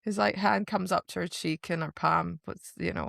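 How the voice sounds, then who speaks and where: A woman co-hosting a podcast, chatting casually about a book and acting out the characters' lines in quick asides. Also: fairly low pitch, fairly even intonation, creaky, fairly bright tone, dry recording, clean studio sound. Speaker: podcast co-host.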